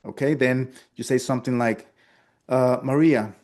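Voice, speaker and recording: A man's voice: mid-range voice, measured pace, a little mellow. A man whose first language is Spanish, teaching sales technique and acting out friendly phone small talk with frequent restarts. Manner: acts out upbeat customer small talk, restarts often. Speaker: sales trainer. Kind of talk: instructional talk with role-played sales lines.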